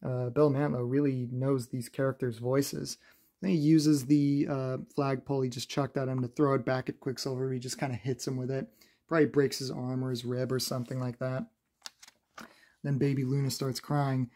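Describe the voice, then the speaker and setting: Chatty man with a mellow voice. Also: medium pitch, little pitch movement, moderate pace. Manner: chatty, laughs often, many "uh" fillers. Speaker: comic book reviewer. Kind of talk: casual review recap.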